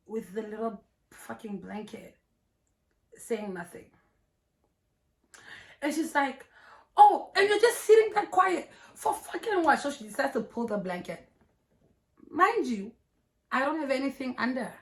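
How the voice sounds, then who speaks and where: A young woman vlogger with a fairly high voice tells a personal story, her pitch jumping around as she goes. She swears freely and laughs often. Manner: animated, profane, laughing storytelling. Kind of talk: storytime vlog.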